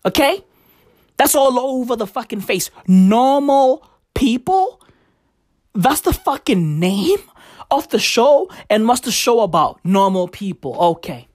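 A young woman rants for laughs, loading her talk with slang and swearing in mock outrage. Her voice sits fairly high and swoops widely, and she lets her words come slowly and deliberately. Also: very animated, a little mellow. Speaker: vlogger. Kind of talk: comedic rant to camera.

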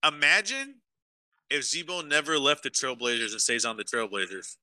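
Young man, podcast co-host, very bright voice, dry sound, swears a lot, heated ranting. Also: mid-range voice, lively intonation, moderate pace, dry recording. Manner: swears a lot, emotional sports rant. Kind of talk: casual chat with live chat.

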